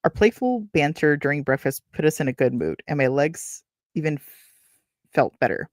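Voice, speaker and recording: A woman's voice: sits low, expressive, normal speed, a little mellow, no room sound, studio quality. Chatty woman reading a book aloud. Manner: chatty, self-correcting, wry asides. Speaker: book reader and streamer. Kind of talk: reading aloud with casual commentary.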